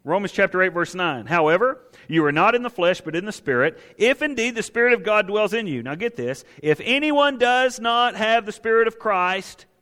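A pastor preaches emphatically in a high, pushed, bright voice, expressive and at normal speed with hardly any pauses. He poses questions only to answer them himself, and a long hall reverb surrounds the recording.

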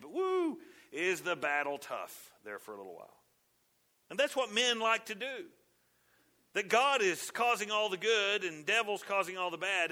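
A male pastor preaching a sermon, dropping to hushed asides and rising to loud, insistent emphasis. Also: sits high.

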